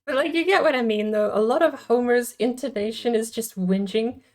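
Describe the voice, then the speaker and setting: A woman chats away during a streamed card game, playful and quick to laugh. Her voice sits a little on the high side, and she talks in a loose, easygoing way. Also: a little mellow. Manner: chatty, playful, laughs often. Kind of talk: casual chat while gaming.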